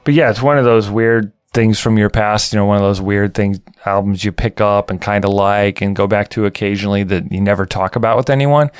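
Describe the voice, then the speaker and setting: A man's voice: fairly low pitch, fairly even intonation, fairly quick, hardly any pauses, clear, resonant tone, no echo. A man co-hosting a music podcast, chatty and jokey, laughing easily. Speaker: podcast co-host. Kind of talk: casual chat.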